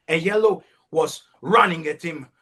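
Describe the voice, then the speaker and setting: A man with an Italian accent telling a story as a kamishibai storyteller, slipping in Italian phrases with halting restarts. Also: on the high side, pushed and bright, husky. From Italy.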